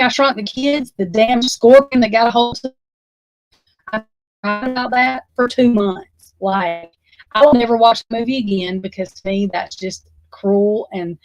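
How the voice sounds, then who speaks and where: A woman's voice: mid-range voice, a little mellow, no echo, lo-fi sound. A woman, chatting casually with her livestream viewers in a rambling, profane and emphatic way. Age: 40s. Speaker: livestream host.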